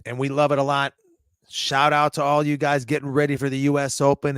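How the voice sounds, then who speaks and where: A man co-hosting a martial arts podcast, telling animated stories in casual chat. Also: medium pitch, fairly quick, smooth, no echo, clean studio sound. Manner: animated storytelling, acts out quotes. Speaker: co-host.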